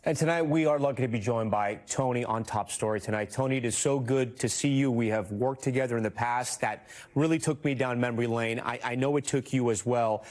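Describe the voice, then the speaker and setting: A man anchoring a news program, narrating a report and then interviewing a guest in a measured, earnest way. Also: medium pitch, a little mellow.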